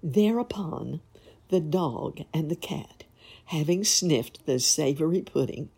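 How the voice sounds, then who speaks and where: A woman reading a folk tale aloud in a gentle, measured way. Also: sits low, animated, breathy edge. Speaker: storyteller. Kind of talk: storybook reading.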